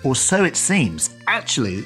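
Playful podcast host, lively voice. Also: male voice, medium pitch, moderate pace, faint music behind. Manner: playful, theatrical, with mock French exclamations. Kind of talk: podcast presenting and interviewing.

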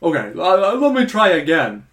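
A man's voice: high voice, huge pitch swings, a bit bright, heavily acted. A man doing a clumsy goofy giant. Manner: slow, goofy sing-song rhyming. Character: clumsy friendly male giant, bad at rhyming. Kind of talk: comedy sketch.

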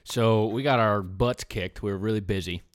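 A man's voice: on the low side, moderate pace, no echo, studio quality. A man co-hosting a podcast, telling a story casually with some swearing. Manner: tells stories with acted quotes, swears, gets loud when riled. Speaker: podcast co-host.

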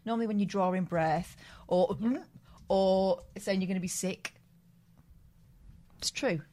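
A woman's voice: mid-range voice, fairly even intonation, measured pace, mellow. Dry, sarcastic woman podcast co-host. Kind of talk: casual comedic chat.

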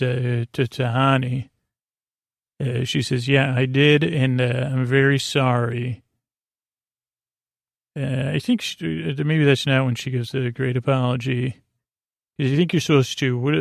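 A man hosting a podcast, recapping a TV episode in casual, halting talk full of fillers, reading quoted lines in the same flat way. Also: mid-range voice, creaky, no room sound, studio quality. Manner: halting, many fillers, reads quotes flatly.

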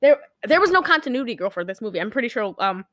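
A woman's voice: fairly high pitch, fast talker, dry recording, studio quality. Chatty woman recapping a horror movie. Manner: animated storytelling, lots of fillers. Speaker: podcast co-host. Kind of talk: casual movie recap chat.

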